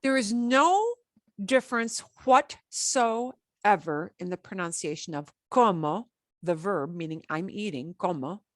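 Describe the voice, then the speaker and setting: A woman teaching a beginner Spanish class, chatty and encouraging, slowing down to drill words. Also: medium pitch, no room sound, studio quality.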